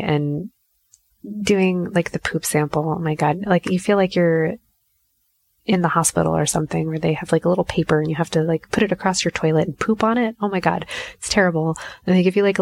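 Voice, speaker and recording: Gravelly low-voiced woman telling a story. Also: no room sound. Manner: animated, self-deprecating, acts out her own inner voice. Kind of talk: casual personal storytelling.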